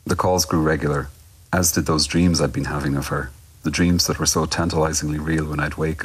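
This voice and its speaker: An Irish man reads his personal story aloud in a slow, reflective way. His voice is extremely deep and sits low. There is a husky, breathy grain to it. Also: poor audio. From Ireland. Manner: reflective and measured. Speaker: guest writer.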